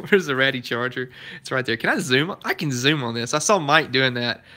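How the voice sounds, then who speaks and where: A bright-voiced male car restoration YouTuber from the Southern United States chats on a live stream from his garage workshop, reading viewer comments. His mid-range voice has lively intonation at a normal speed, and he's chatty and laid-back, chuckling between comments.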